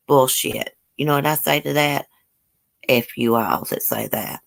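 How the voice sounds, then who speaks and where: A woman's voice: extremely low pitch, measured pace, vocal fry. A woman with a broad Southern country accent hosts a casual livestream, reading out and answering viewer comments. She is blunt and outspoken, swears without hesitation, and has a folksy, drawling way of speaking. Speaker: YouTube livestream host.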